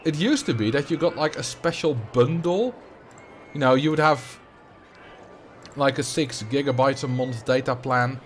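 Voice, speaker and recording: A man's voice: medium pitch, moderate pace, slight background noise. A man with a Dutch accent chatting casually as a streamer while playing a game, rambling and answering viewer questions.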